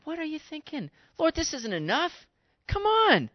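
A man's voice: extremely high pitch, huge pitch swings, normal speed, no room sound, highs cut off, pitched above the performer's own voice, full character voice. A man voicing a doubting male disciple who complains incredulously about having too little.

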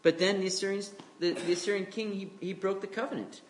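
A male pastor delivers an expository sermon in a relaxed, conversational tone, with a voice a touch higher than most men's. He slows down and leans into scripture readings. He breaks into little acted-out voices for the people he quotes.

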